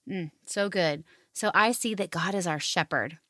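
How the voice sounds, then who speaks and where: A woman with a slightly low voice hosts a gentle family devotional podcast. She talks in a slow, soothing way, as if leading a quiet moment of reflection. The recording is dry and close, with no room sound. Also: no echo. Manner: slow, soothing reading and guiding. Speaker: podcast host.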